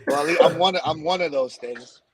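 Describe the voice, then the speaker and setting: A man's voice: fairly high pitch, moderate pace, crowd noise. A man co-hosting a podcast in laid-back, casual chat, joking and laughing. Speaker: podcast co-host.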